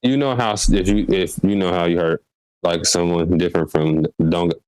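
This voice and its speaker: A man's voice: deep voice, fairly even intonation, normal speed, darkish tone, clear, resonant tone, no echo, low-quality recording. A man in casual podcast chat, hesitant and thinking aloud as he answers. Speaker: podcast co-host.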